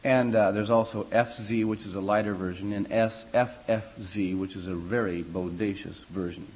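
This choir teacher has a lowish, steady voice and talks at normal speed about vocal expression. The lecture wanders conversationally, with fillers and restarts, as he spells out musical terms. The recording sounds dull.

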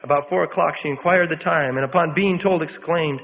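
Male preacher, high pitch, dramatic sermon storyteller, tinny echoing recording. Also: fast talker, hardly any pauses. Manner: dramatic storytelling, rising to emphatic peaks. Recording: phone-like audio in a long-echo hall.

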